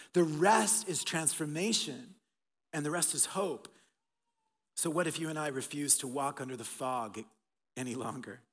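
Emphatic pastor in a reverberant hall. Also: male voice, on the high side. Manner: emphatic, swinging between loud bursts and soft hushed passages. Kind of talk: Easter sermon. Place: church auditorium. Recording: long reverb of a large hall.

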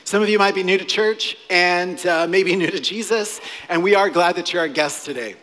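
A man in his forties, a pastor preaching a playful, animated sermon to a church congregation. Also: high-pitched, moderate pace. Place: church sanctuary. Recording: long hall reverb.

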